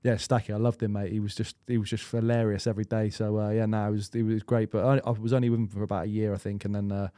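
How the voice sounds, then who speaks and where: Fast-talking man telling stories. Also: on the low side, level tone, dark tone, no room sound, clean studio sound. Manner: chatty, rambling anecdotes with frequent restarts and swearing. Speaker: guest goalkeeper. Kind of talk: casual storytelling chat.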